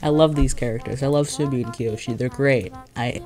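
A casual vlogger with a mid-range voice, rambling along in a giddy way and often restarting sentences. They talk through a headache in a loose, offhand manner. Soft music plays faintly underneath. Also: medium pitch, fairly quick, hardly any pauses. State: has a headache. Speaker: video creator. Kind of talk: casual vlog commentary.

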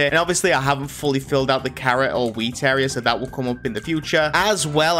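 A man's voice: a little high, a bit bright. A man giving casual, rambling, self-mocking commentary while playing a video game. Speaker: gaming video host.

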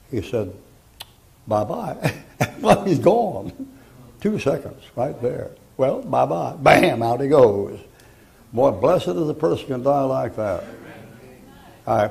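An older man preaching a sermon, telling folksy stories between loud bursts of preaching. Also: medium pitch, vocal fry.

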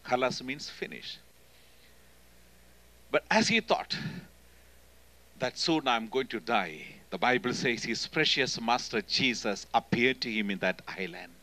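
A man with an Indian accent preaching a sermon in church as a guest speaker, emphatic and swinging between loud and hushed delivery. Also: medium pitch, expressive, a little slow, pauses often, rough recording. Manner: emphatic, often calling "hello?" to the congregation.

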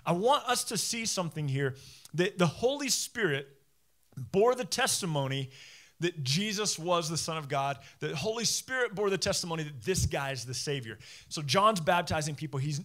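A man preaching in an easy, conversational way, with a voice a bit higher than most men's. He slips into casual modern speech when he acts out the people in the story. His delivery swings from loud, excited bursts to low, quiet stretches. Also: a little fast. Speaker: pastor. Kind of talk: sermon.

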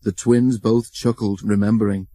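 A man reading a children's storybook aloud, expressive and acting out the story. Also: on the low side, moderate pace, no room sound. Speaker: narrator.

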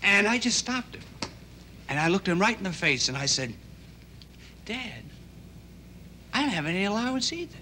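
A young actor playing an earnest, idealistic teenage boy in a 1960s TV drama. He talks in a halting, rambling way full of restarts. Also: sits high, sing-song, bright, forceful tone, slight background noise, full character voice.

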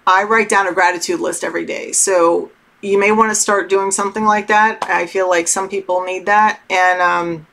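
A middle-aged woman giving casual spiritual advice to her viewers, talking slowly and candidly with many fillers and some swearing. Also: medium pitch, fairly even intonation, creaky, a bit bright, slight background noise. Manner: candid, loose and swears freely; slow, meandering talk with many fillers. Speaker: tarot channel host.

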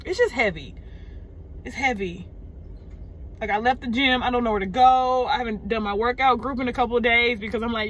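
A woman talks straight to her viewers from a parked car, upset and searching for words. Her voice is bright and forceful. She stops mid-phrase, repeats herself and lets out heavy sighs. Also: fairly high pitch. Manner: halting, sighing, repeating words. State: upset and shaken. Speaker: vlogger. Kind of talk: unscripted emotional vent to camera. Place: parked car in a parking lot.

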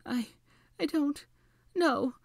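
A fretful young witch who can't help lecturing, put on by a woman reading a story aloud. Her voice is pitched up from the reader's own and sounds dry and close. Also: expressive, normal speed, a little mellow, no echo. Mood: scared. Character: anxious know-it-all young witch. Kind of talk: audiobook character voice.

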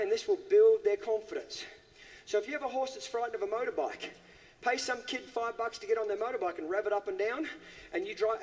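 A man with a high-sitting voice, heard in a large hall, gives a live horse-training demonstration in a horse arena. He keeps asking his listeners questions and tags his lines with "okay?"

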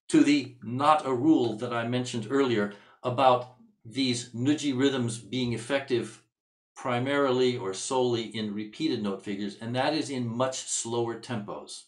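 A man's voice: medium pitch, unhurried. Man teaching music in an echoey room. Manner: thoughtful, searching for words, explanatory. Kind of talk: instructional workshop lecture.

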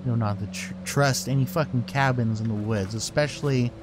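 A man's voice: mid-range voice, fairly even intonation, a little fast, noisy background. A man giving casual let's-play commentary who swears constantly and talks to his sled dogs and to the game. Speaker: gaming channel host.

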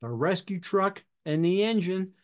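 A man hosting a podcast, telling a fire service story in a measured, deliberate way with pauses. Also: sits high, animated. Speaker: podcast host and fire officer instructor. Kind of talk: storytelling anecdote.

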